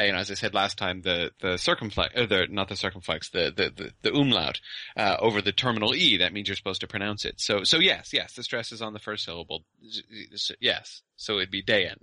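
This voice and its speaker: A man with a bright, ringing voice, set slightly low, explains a literary point to his co-host in a halting, professorial way. He keeps restarting phrases as he thinks aloud. The mic is close and completely dry. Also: no echo. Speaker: podcast co-host and lecturer. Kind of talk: casual scholarly discussion.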